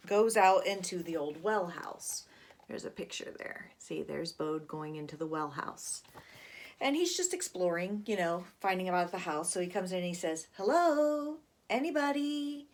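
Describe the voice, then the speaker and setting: A woman's voice: on the low side, moderate pace. A woman casually talking about a favorite horror graphic novel, chatty, with plenty of fillers. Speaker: book reviewer. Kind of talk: casual book talk with read-aloud.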